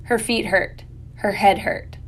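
A woman reading an audiobook aloud in a measured, dryly wry manner. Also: mid-range voice, fairly even intonation, slight background noise. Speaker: audiobook narrator. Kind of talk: scripted narration.

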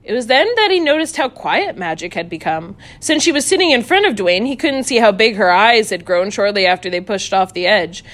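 Woman reading a children's story aloud. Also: a little high. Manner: playful, animated sound effects.

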